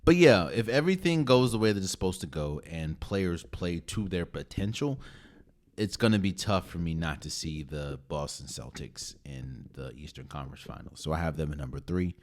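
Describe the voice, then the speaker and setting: A man's voice: deep voice, lively intonation, normal speed. A man hosting a podcast, talking casually and emphatically as he ranks basketball teams with firm conviction. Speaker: podcast host. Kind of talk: casual sports opinion monologue.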